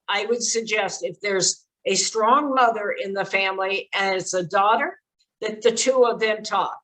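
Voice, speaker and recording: In a low-quality recording, an older woman with a medium-pitched, fairly bright voice presents on child exploitation prevention. Her advice to parents is earnest and direct, peppered with fillers.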